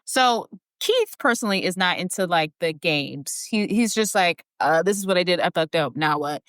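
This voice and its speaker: A woman co-hosts a podcast, throwing blunt, joking comments into a movie recap and swearing casually. Her pitch swings widely as she talks. The recording is dry and close. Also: expressive, normal speed, a bit bright, dry recording. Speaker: podcast co-host.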